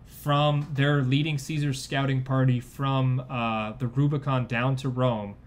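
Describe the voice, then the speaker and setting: A man's voice: medium pitch, little pitch movement, measured pace. A young man co-hosting a podcast, chatting casually and enthusiastically, full of "like" and restarts. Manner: enthusiastic, rambling with many likes. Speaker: podcast co-host. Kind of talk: casual chat.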